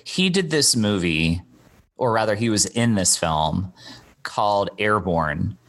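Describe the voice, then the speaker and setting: Casual podcast co-host, male, lowish voice, rambling and hesitant delivery. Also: lively intonation, slow, a bit bright. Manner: rambling, hesitant, many fillers and restarts. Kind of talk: casual film-discussion chat.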